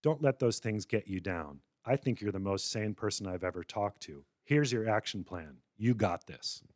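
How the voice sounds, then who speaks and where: A man voicing a flattering, eager chatbot that gushes praise and lists steps. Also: on the low side, normal speed, dry recording, clean studio sound, natural voice. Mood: sycophantic. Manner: gushing, upbeat listing.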